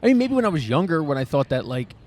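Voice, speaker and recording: A man's voice: on the high side, big pitch swings, fast talker, a little mellow. A young man co-hosting a podcast, joking around in crude, casual banter. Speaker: podcast co-host. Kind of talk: casual chat.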